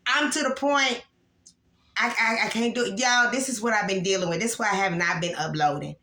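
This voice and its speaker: Woman, 40s, angry vlog rant, bright tone, echoey room. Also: mid-range voice, steady tone, fast. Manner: emotional, repetitive, upset and angry. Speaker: vlogger. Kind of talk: casual vlog venting to viewers.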